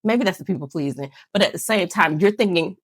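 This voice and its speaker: A woman's voice: fairly low pitch, fairly quick, husky, no echo. A woman vlogger telling a rambling, self-mocking story to camera, laughing often. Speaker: nail channel vlogger.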